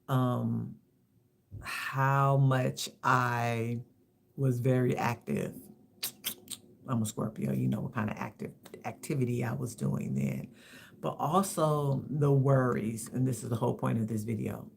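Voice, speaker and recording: A woman in her fifties shares personal reflections at a slow, unhurried pace. Her voice carries a gravelly, creaky texture. She halts and repeats words as she searches for what to say. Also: rumbling low, a little hiss or hum. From Los Angeles, USA. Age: 50s. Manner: halting and reflective, repeats words, soft-spoken candor. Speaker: livestream host.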